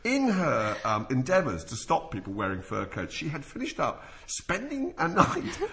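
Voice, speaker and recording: Animated man telling a comic story. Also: on the high side, moderate pace, vocal fry, slight background noise. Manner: animated, laughing through his words, stumbling restarts. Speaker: storyteller on a talk show. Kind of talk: comic anecdote told to an audience. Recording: live audience laughter behind.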